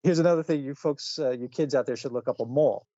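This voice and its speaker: A man's voice: mid-range voice, fast talker, mellow, no room sound. A middle-aged man hosting a podcast, chatting casually in a rambling way with restarts and chuckles. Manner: rambling, self-correcting, chuckling asides. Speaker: podcast co-host reviewing comics. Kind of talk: casual chat. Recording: dull lo-fi sound, dry.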